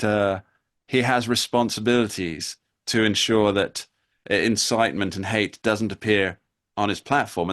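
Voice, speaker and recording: Man, political talk host, measured, wry, lowish voice. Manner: measured, wry, pauses to rephrase. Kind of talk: political discussion.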